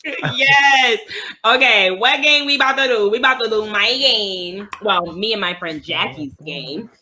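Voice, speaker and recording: A woman with a New York accent co-hosting a casual chat, talking in an animated, rambling way and laughing often. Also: a little high, a little slow, background noise. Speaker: co-host. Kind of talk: casual chat on a video call.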